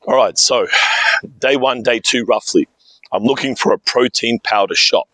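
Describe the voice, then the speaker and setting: A man's voice: mid-range voice, normal speed, fairly bright tone, dry recording. Australian man with a scratchy throat. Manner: rambling anecdote with frequent "right?" tags. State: throat trouble, clearing throat and coughing. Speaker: vlogger. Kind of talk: casual storytelling vlog.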